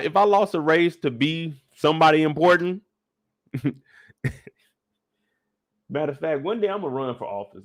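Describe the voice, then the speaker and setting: A young man casually recapping a TV episode in laid-back, slangy talk, laughing easily. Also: fairly high pitch. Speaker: show recap YouTuber.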